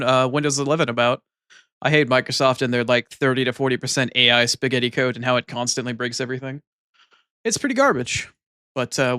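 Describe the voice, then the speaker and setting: Bright-voiced male streamer chatting. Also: mid-range voice, no room sound, clean studio sound. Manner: profane, teasing banter with chat. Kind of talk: casual live-stream chat.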